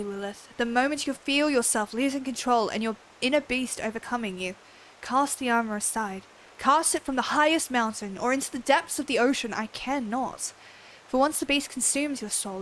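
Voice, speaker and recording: A woman reading aloud the earnest, measured lines of a solemn warrior from a shunned people in a video game. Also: fairly high pitch, fairly bright tone, slight background noise, lightly acted, poor audio.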